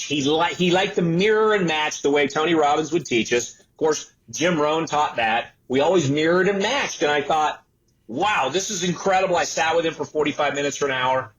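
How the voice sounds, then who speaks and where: A man in his sixties, an entrepreneur and author, telling his life story as an interview guest. He tells it in an animated way and acts out the voices of the people he quotes. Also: fairly high pitch, normal speed, rough recording. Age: 60s.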